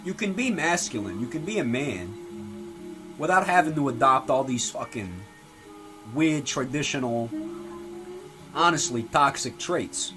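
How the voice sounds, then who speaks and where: A man playing a gruff, profane mobster-style dad. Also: medium pitch, animated, a little slow, pauses often, close to an everyday voice, rough recording. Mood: fatherly lecture. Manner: swaggering, profane, tough-guy drawl. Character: gruff foul-mouthed middle-aged mob-style father. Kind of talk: comedy sketch character acting. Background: music playing.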